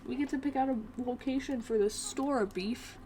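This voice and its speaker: A woman's voice: sits high, normal speed, mellow, a little hiss or hum. A young woman chatting casually through a gameplay session, often talking fondly to her cat. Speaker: gaming video creator.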